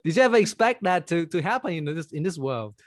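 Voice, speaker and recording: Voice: mid-range voice, very animated, fast, dry recording, clean studio sound. A podcast host from Taiwan, interviewing a guest with curious, encouraging questions and frequent laughter. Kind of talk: casual interview chat.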